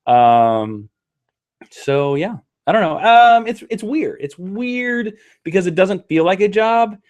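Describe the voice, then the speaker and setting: A man hosting a live stream, his pitch swinging up and down freely as he talks. He rambles and hesitates and fills his pauses with ums, in a loose, casual chat. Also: expressive.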